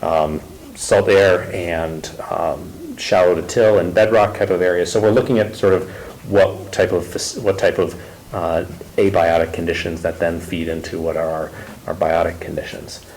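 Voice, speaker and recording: A man giving a presentation at a town meeting, halting, with many ums and restarts. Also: low-pitched, fairly even intonation, darkish tone, slight background noise, rough recording. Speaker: ecological consultant presenting.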